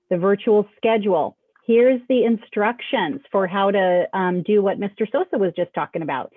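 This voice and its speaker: A woman's voice: mid-range voice, no room sound. A woman on the staff of a school hosting a casual announcement show, chatting as she walks students through the school website over a video call. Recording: dry, tinny phone-like call audio.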